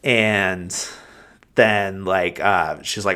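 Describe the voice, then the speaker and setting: A man with a slightly low voice chats casually as a podcast host. He rambles through film scenes, leaning on "like" and "um" at every turn. He chuckles now and then as he retells the plot. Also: extremely slow, sharp tone, clean tone. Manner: rambling, heavy use of "like" and fillers. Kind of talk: casual film review chat.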